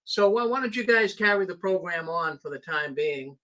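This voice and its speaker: A man steering the show in a halting way, telling the others to keep the program going. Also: sits high, lively intonation, pushed and bright. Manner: directing, halting. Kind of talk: casual call-in chat.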